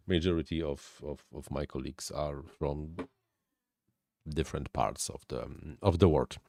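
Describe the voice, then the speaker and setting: A man who is not a native English speaker, hosting a casual live stream and answering viewer questions with halting technical explanations. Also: rumbling low, creaky, a little mellow, dry recording.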